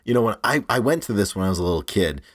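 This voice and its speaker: A man's voice: fairly low pitch, animated, very fast. A young man in his twenties, co-hosting a podcast, telling rambling stories with many restarts and frequent laughs. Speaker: podcast co-host. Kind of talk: casual podcast chat.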